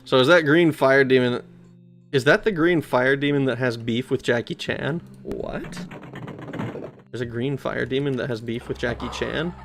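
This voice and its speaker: A man's voice: medium pitch, steady tone, normal speed, fairly bright tone, soft background music. Foul-mouthed male gamer streaming commentary. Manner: swears heavily, easily frustrated, talks to chat. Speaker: streamer playing a retro role-playing game. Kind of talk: let's play commentary.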